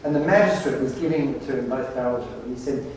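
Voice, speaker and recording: A man giving a humorous keynote at a conference, telling anecdotes in a wry, animated way. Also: medium pitch, fast, a little hiss or hum. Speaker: conference presenter. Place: large conference hall. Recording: very echoey hall, distant mic.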